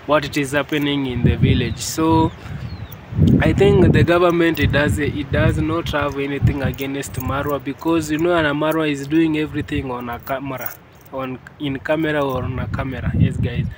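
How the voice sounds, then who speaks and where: A man's voice: a little high, fairly even intonation, normal speed. A Kenyan man narrating a casual village vlog outdoors, hesitant with many fillers and frequent "yes, guys". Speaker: vlogger. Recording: clear outdoor background noise.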